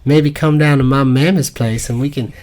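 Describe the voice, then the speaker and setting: Man playing flirty southern belle, exaggerated southern us drawl, sing-song, breathy, pitched up. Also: steady tone, normal speed, darkish tone, lightly acted. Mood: flirtatious. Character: flirty Southern belle woman, syrupy and coy.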